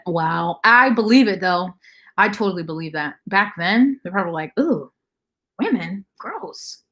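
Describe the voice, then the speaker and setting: A woman's voice: lowish voice, a bit bright. A young woman hosting a casual livestream, bluntly reacting to chat comments and swearing freely. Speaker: livestream host.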